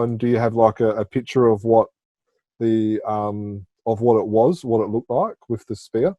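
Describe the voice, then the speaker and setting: A man's voice: fairly low pitch, measured pace, mellow, no echo. A man co-hosting a podcast in casual chat, asking long, rambling questions that restart as he goes. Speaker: podcast co-host.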